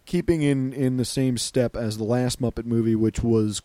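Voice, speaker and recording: A man hosting a casual podcast chat. He speaks in a relaxed, hesitant way, with lots of fillers, and leads the segments. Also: mid-range voice, normal speed, dry recording. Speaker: podcast host.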